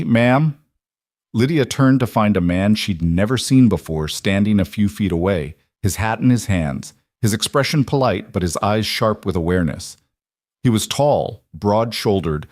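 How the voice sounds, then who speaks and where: A man reads a scripted story at a steady, even pace. His voice sits low and the sound is dry and close. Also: no echo. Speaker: narrator. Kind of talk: scripted narration.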